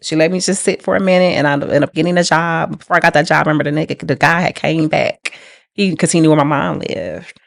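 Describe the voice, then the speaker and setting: Casual woman telling her story, low voice. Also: fairly even intonation, fast talker, creaky, no room sound, clean studio sound. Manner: casual, emphatic, repeats phrases, laughs through hard memories. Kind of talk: candid personal storytelling.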